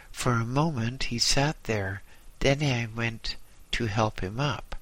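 A man reading a first-person story aloud in a slow, measured way. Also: medium pitch, bright, forceful tone, no room sound, rough recording. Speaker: narrator.

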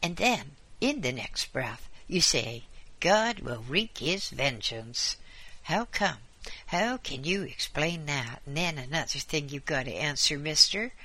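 A man's voice: a little high, lively intonation, measured pace, pushed and bright, slightly rough, exaggerated voice. A man doing a defiant old patient. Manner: scornful, challenging.

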